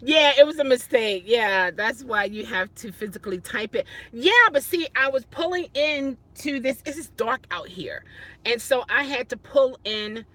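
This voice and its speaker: A woman's voice: fairly high pitch, lively intonation, moderate pace, fairly bright tone. A woman rideshare driver chatting casually on a phone livestream from her parked car at night, flustered and exclaiming often. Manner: flustered, exclaiming and laughing at herself.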